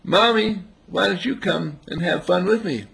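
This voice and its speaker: Man doing a playful little girl, husky. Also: sits high, a little slow, pitched above the performer's own voice, full character voice. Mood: pleading. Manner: pleading, excited.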